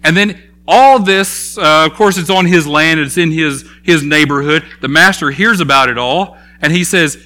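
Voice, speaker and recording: Casting: male pastor, animated storyteller, bright forceful voice, slightly high. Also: moderate pace. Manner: animated storytelling, acting out a parable. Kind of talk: sermon.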